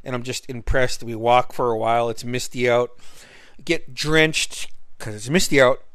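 A man tells a personal story in a loose, easygoing way, swearing freely and chuckling as he goes. His voice sits at an ordinary pitch for a man. The recording is close and dry. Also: fairly even intonation, normal speed, fairly bright tone, smooth, dry recording. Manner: laid-back, profane, chuckling.

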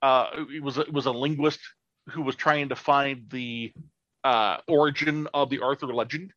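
Brief: halting, blunt, foul-mouthed male podcast co-host, dry close mic. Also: medium pitch, steady tone, a bit bright, dry recording, dull audio. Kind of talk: casual chat.

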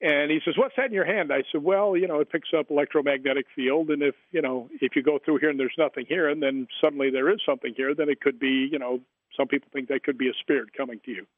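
Talking fast in a mid-range voice with fairly even intonation, an author of a paranormal book rambles through anecdotes in an interview, restarting often and using many fillers. The phone line is tinny and dry.

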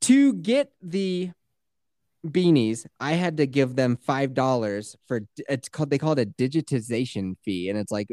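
A man's voice: medium pitch, lively intonation, normal speed, warm tone, no room sound, studio quality. A man co-hosting a podcast in casual chat, ranting animatedly and swearing freely. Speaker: podcast co-host.

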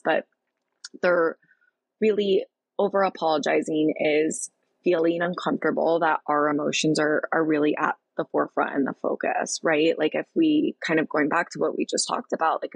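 A woman's voice: on the low side, vocal fry, husky, no room sound, poor audio. A woman guest coach in a casual podcast conversation, earnest and affirming, with many filler likes.

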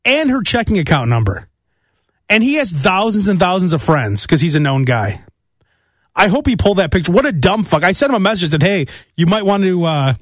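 Animated rambling man with lively pitch. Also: no room sound, clean studio sound. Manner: rambling, animated storytelling with mimicked voices. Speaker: podcast host. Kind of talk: solo comedic monologue.

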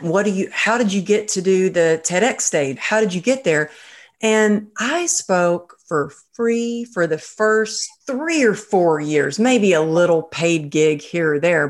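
A woman hosting an interview, telling lively stories and acting out the people she quotes. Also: medium pitch. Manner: lively anecdotal storyteller, acts out quoted voices. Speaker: podcast host. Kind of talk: casual storytelling in an interview.

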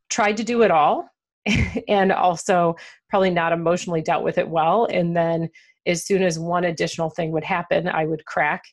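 A woman author and entrepreneur talking candidly in an interview, laughing often and using lots of fillers. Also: lowish voice. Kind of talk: conversational interview.

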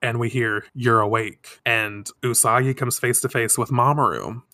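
A man in casual podcast chat, recapping comic scenes with quick voiced asides and sarcastic jokes. His pitch sits mid-range, and the recording is dry and close with no room sound. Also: bright, forceful tone, dry recording. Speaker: podcast co-host.

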